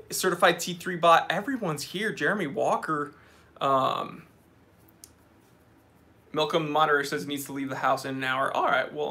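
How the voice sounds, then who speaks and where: A man talks easily to his live chat from an office, calling out viewer names and joking about their comments. His voice sits a little high for a man and sounds bright and forward. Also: moderate pace. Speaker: live stream host. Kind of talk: casual live stream chat.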